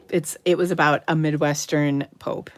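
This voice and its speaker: A middle-aged woman from Minnesota hosting a live card-making demo, chatty and enthusiastic, dropping into soft muttered asides as she works. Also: sits low, noisy background. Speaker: craft livestream host.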